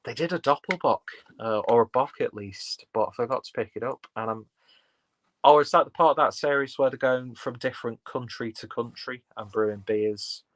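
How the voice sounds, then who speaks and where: A man's voice: medium pitch, moderate pace, a bit bright, dry recording. A man chatting casually on a live stream, rambling and full of fillers as he reads chat and looks at beers. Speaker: beer vlogger reading live chat.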